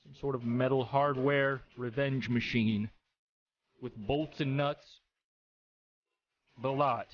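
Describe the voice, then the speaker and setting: A man's voice: mid-range voice, fairly even intonation, takes it slowly, long pauses, dull audio. A man joking his way through comic reaction commentary on viral videos, playful and exclamatory.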